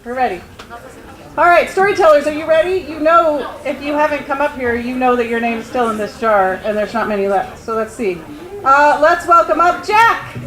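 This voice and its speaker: A woman hosting a live school story slam, loud and upbeat as she calls up the next speakers. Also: high-pitched, normal speed, background noise. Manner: loud and upbeat, calling names out to the room. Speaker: event host. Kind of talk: emceeing a live event. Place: school auditorium or hall. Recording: echoey hall, voice from off-mic.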